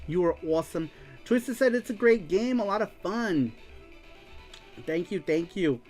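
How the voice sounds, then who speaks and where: A man hosting a casual livestream show, excitedly reading viewer comments aloud and laughing often. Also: high-pitched, measured pace, soft background music. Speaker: show host.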